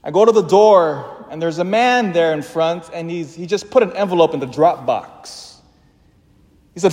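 A man, a parish priest, giving an emphatic, storytelling sermon that slows down for emphasis. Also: fairly high pitch, darkish tone. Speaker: pastor. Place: church. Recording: long church reverb.

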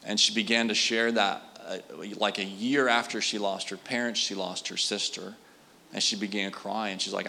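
An earnest man in his thirties preaching to a church, slipping into easy storytelling with lots of "uh" and "like". His voice sits a little low yet rings bright and forward. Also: steady tone, normal speed, vocal fry, slight background noise. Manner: earnest, conversational with frequent fillers. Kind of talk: sermon storytelling.

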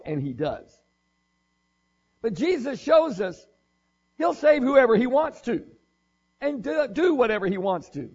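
Male preacher, husky tone, relaxed conversational sermon with dry humor, muffled recording. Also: extremely high pitch, measured pace, pauses often. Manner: casual, joking, thinks aloud with restarts.

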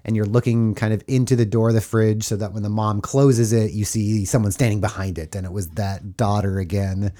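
A man's voice: on the low side, brisk, few pauses. A man hosting a podcast, recapping a horror film in a casual, joking way and acting out the characters. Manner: animated, joking, acts out characters. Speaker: podcast host.

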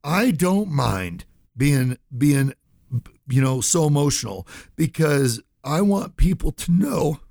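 A man's voice: fairly high pitch, sing-song, measured pace, vocal fry, darkish tone, husky, dry recording, studio quality. A man hosting a radio talk show, earnest and impassioned, often restarting his sentences and at times choked up near tears. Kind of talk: emotional radio talk, addressing listeners.

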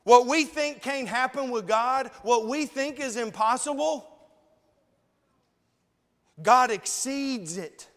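A high-pitched man preaches to his congregation, earnest and pleading. His voice rings through a church hall with a long reverb tail. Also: fairly bright tone. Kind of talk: sermon.

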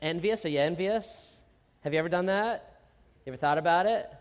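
A man's voice: high-pitched, fairly quick, in a large hall, background noise. A middle-aged man pastor delivering a sermon with self-deprecating humor and acted-out asides.

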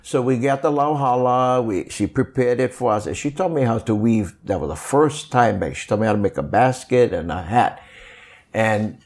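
Older Hawaiian man, pidgin-inflected English, lively storyteller, pitch jumping around. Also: normal speed. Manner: animated, acts out quoted voices, many fillers. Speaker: guest, kapa maker. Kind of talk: storytelling interview.

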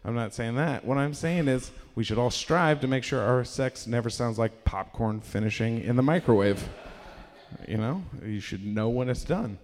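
A man's voice: mid-range voice, normal speed. Rambling man doing stand-up in a reverberant venue. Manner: rambling, self-deprecating, acts out characters loudly. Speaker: stand-up comedian. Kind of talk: stand-up set. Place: live comedy venue. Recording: live room with long reverb.

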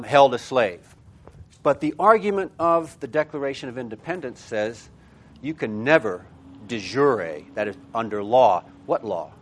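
A man's voice: mid-range voice, a bit bright. A male lecturer speaking in a middle register to a class of teachers. He thinks aloud, circling through fillers and restarts before stressing his key terms with punchy emphasis. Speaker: seminar lecturer.

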